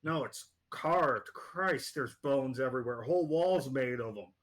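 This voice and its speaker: A man's voice: medium pitch, measured pace, lightly acted. A man doing a tense soldier squad leader. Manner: clipped radio reports.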